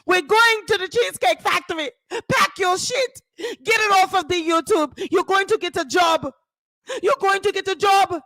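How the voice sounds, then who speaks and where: Woman mimicking a furious husband, shrill and shouting, dry close sound. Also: moderate pace, no echo. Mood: scolding. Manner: frantic, shouting, repeating himself. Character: panicking, furious scolding husband, adult man.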